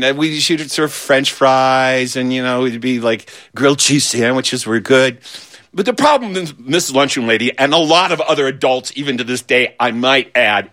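A man telling a funny childhood story in an animated, playful way, swooping between low and high. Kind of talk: humorous personal storytelling.

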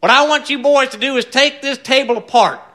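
A man voicing a cantankerous old male scoutmaster who barks gruff orders and rambles. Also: very high voice, brisk, bright, forceful tone, voice pushed up. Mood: gruff scolding. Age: older.

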